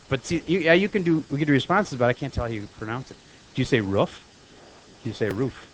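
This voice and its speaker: Male math teacher, classroom lecture, chatty, quizzes students, mid-pitched voice. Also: muffled recording. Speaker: high school math teacher.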